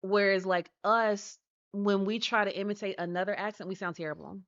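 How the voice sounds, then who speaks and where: A woman's voice: mid-range voice, fairly even intonation, brisk, highs cut off. A woman chatting casually on a live stream, rambling, answering her chat and laughing often. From United States.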